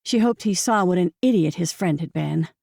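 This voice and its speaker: Reading a novel aloud as an audiobook narrator, this woman keeps a measured, even pace in a lowish voice that sounds dark, mellow, and gravelly with fry. Recorded close in a studio, the scripted narration is dry, with no echo or room sound.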